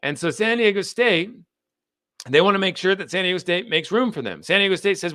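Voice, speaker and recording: A man's voice: high voice, animated, fairly quick, pushed and bright, clear, resonant tone, no room sound. An American man hosting a livestream on local politics, emphatic and fired up. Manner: fired up, emphatic, laughs at himself. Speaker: host. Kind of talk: animated livestream commentary.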